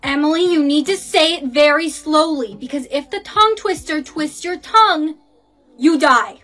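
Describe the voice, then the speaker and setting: A woman's voice: sits high, normal speed, fairly bright tone. A young woman acting out short comedy skits with a dramatic, exaggerated delivery. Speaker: skit creator.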